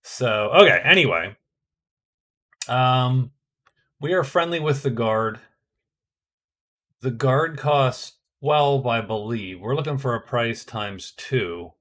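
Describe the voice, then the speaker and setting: A man's voice: mid-range voice, lively intonation, takes it slowly, long pauses, fairly bright tone. A middle-aged man casually narrating his own board game turns, thinking aloud with frequent hesitations and restarts. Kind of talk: casual solo game commentary.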